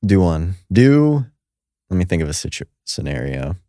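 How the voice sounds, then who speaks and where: Deep-voiced laid-back man in his thirties. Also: very animated, normal speed, mellow, no echo, studio quality. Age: 30s. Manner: laid-back, short reactions, easy laughs. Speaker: podcast host. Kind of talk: casual podcast chat.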